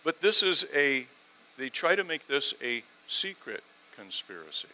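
A man preaching a sermon, animated, swinging from loud emphatic lines to quiet asides, with sarcastic rhetorical questions. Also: on the high side, unhurried, a little hiss or hum, poor audio.

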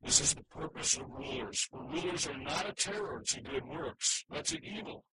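A man's voice: fairly high pitch, expressive, normal speed, sharp tone, breathy edge, no echo, poor audio. A man preaching a sermon, earnest and emphatic, with frequent restarts as he works through scripture slides. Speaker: pastor.

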